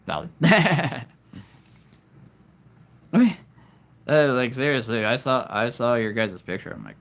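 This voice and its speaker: A man hosting a casual livestream, chatting with viewers, laughing often and jumping up in pitch when excited. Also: takes it slowly. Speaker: livestream host. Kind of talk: casual livestream chat reading comments.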